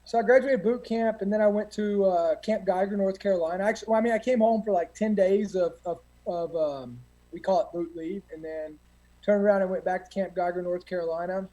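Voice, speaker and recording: Over poor-quality audio, a man guesting on a show speaks briskly in a warm, high voice. He tells rambling boot camp stories in a casual way, swearing often and leaning on lots of fillers.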